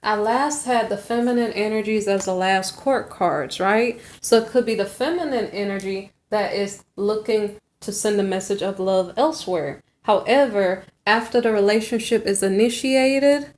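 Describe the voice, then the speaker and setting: A woman's voice: mid-range voice, moderate pace, hardly any pauses, a little mellow. A woman reading tarot cards in a chatty, thinking-aloud way, sometimes acting out snippets of girl talk. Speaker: tarot reader. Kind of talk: casual tarot reading monologue.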